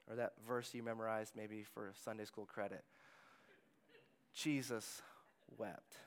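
A man preaching a sermon as pastor, in a conversational way, letting his phrases trail off softly. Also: medium pitch.

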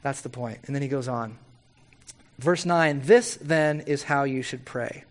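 A man preaching a conversational sermon, animated and playfully wry, often tossing in quick tag questions to the listeners. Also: medium pitch.

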